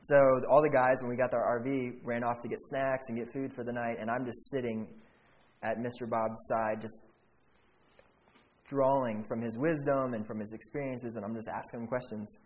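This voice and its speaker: A young man casually telling a faith testimony, animated, often saying "like" and acting out what people said. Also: medium pitch, moderate pace, rough recording. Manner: animated, acts out quotes, fillers "like". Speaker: storyteller sharing a faith testimony. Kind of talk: casual storytelling.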